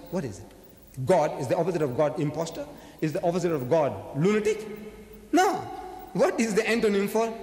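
A man giving a public lecture in an emphatic, rhetorical way, his voice swinging between loud and soft. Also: sits high. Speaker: religious lecturer. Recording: echoey hall from far off.

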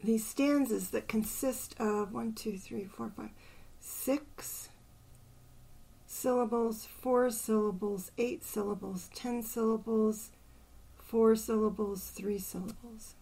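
Older lady talking through a poem slow and easy, kinda breathy, whispers the syllable counts. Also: a little high, steady tone. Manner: thinking aloud, softly counting syllables under her breath. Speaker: poetry channel host. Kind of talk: casual poetry analysis.

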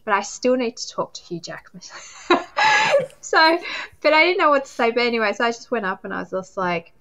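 Aussie woman guest on a podcast, chatty, giggly, bright voice, acts out what people said. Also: a little high, expressive, fairly quick, muffled recording. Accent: Australian. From Australia. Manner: laughs often, acts out quotes. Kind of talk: casual chat, animated storytelling.

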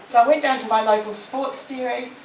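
A woman's voice: on the high side, fairly even intonation, a little fast, slight background noise. A middle-aged woman, giving a humorous, self-deprecating storytelling talk to an audience. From New Zealand. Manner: humorous, self-deprecating anecdotes with acted quotes. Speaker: motivational speaker. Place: public library talk room. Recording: echoey room, mic from a distance.

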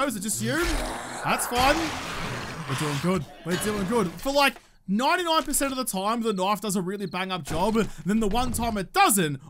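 A man's voice: sits high, background noise. A man with an Australian accent giving chatty, cheeky let's-play commentary, talking to the enemies on screen and swearing freely. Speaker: gaming video host.

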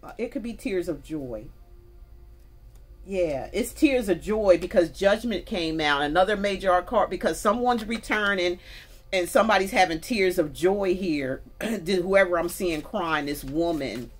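Woman, low register, tarot reader; casual, folksy, direct to viewers, faint music underneath. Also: animated, a little slow. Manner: chatty, folksy, talks straight to viewers with y'all. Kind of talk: casual spoken tarot reading.

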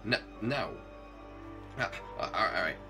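A man's voice: on the low side, animated, slow pace, over music. A man voicing a stammering, panicky night guard. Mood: alarmed. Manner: stammering, panicky, repeats himself. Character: jittery failed cop turned night guard, male. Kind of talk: hobby plush-video voice acting.

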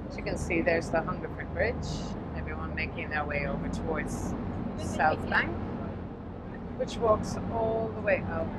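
A woman narrating a river boat tour in a chatty, upbeat, informal way, recorded on an outdoor deck with a camera mic. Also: lowish voice. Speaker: tour guide. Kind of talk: narrated walking-tour vlog. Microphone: camera mic, filming herself. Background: loud engine and water noise.

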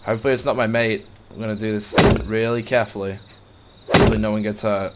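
A man hosting a gaming video, chatting casually and excitably with friends while playing. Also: lowish voice, quick pace, very noisy. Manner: excitable, shouts when startled.

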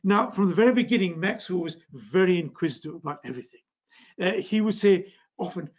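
A man's voice: high-pitched, animated, brisk, lo-fi sound. An older man with a northeast Scottish accent giving a public science lecture, genial, with frequent fillers and restarts. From Scotland. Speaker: physics lecturer.

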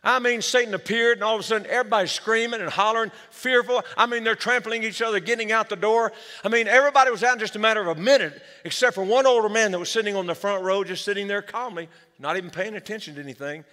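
A man's voice: high-pitched, fast, few pauses, pushed and bright. A man preaching a sermon as pastor, with energy, calling the church for amens. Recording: long hall reverb.

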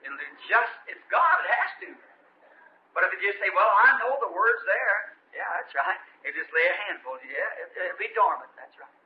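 A man preaching a sermon in a folksy storytelling way, his voice swinging from loud to low, heard on an old tape recording from a church hall. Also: lively intonation, brisk, lo-fi sound, a little hiss or hum. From United States.

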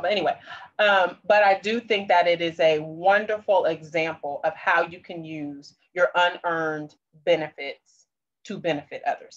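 A woman with a low voice presents a parent workshop on a video call. She talks casually with plenty of fillers. Her voice comes through dull, lo-fi call audio. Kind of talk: online presentation.

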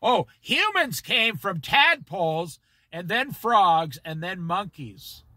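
A man's voice: high-pitched, sing-song, slow pace, sharp tone, dry recording, heavily acted. A man putting on a mocking voice of a smug male scientist in a sing-song, sneering way. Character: smug male know-it-all scientist, mocked.

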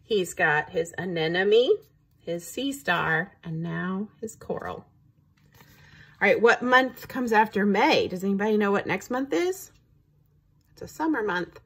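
A woman reads a children's picture book aloud, slow and unhurried. Her voice swoops in a lively, singsong way and has a slightly breathy quality. She keeps pausing to ask the young listeners questions. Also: mid-range voice. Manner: engaging, asks the listeners questions. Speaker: teacher reading to children.

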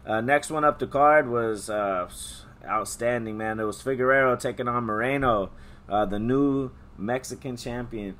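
A man from California, voice gone hoarse, chatting casually as a podcast co-host. He talks in a halting way, stopping and restarting with lots of fillers as he thinks aloud. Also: medium pitch, fairly bright tone. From Stockton, California. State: hoarse, losing his voice. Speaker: podcast co-host, MMA betting picks. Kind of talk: casual chat.

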